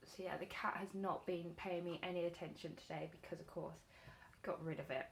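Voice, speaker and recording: A woman beauty vlogger chatting casually while doing her makeup, telling an animated story full of fillers. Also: fairly low pitch, fairly quick, gravelly, a little hiss or hum.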